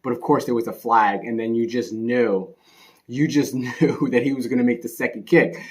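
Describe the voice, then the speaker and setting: A man in a casual, rambling rant about a bad game, sarcastic and laughing, swinging between loud outbursts and muttering. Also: medium pitch, fairly even intonation, normal speed. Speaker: sports commentary vlogger.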